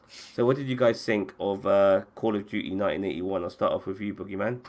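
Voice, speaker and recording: A man's voice: lowish voice, fairly even intonation, brisk, a little mellow. A man hosting a podcast and running a casual chat about video games, swearing freely and often restarting his sentences. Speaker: podcast host.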